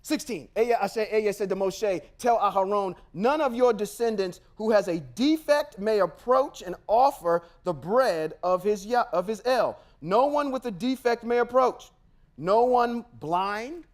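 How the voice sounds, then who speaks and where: Male podcast host with a high voice, reads scripture, then argues it in punchy, slangy asides. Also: expressive, unhurried. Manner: emphatic, confrontational, slangy asides. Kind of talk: scripture reading with casual commentary.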